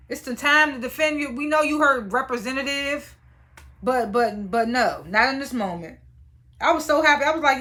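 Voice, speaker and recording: Young woman with a high bright voice, blunt and cussing, recapping reality tv. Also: a little fast. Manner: animated, blunt and profane, acts out quotes. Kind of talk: casual recap commentary.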